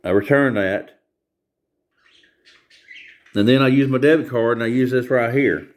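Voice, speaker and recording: A man's voice: mid-range voice, a little slow. A man vlogging a casual rant about a store visit, rambling and repetitive, with many hesitations.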